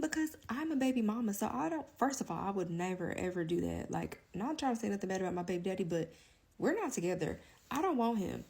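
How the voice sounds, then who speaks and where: A woman telling a long personal story in a casual, candid monologue, profane and rambling, filling nearly every pause with "like.". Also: fairly high pitch, big pitch swings, creaky, darkish tone, slightly rough. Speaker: storyteller vlogger.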